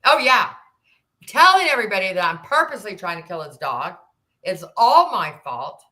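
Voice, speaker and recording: A woman in her sixties, a podcast guest, telling a personal story in an animated way and acting out the dialogue. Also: mid-range voice, normal speed. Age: 60s. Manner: animated, acts out quoted dialogue, rambling restarts.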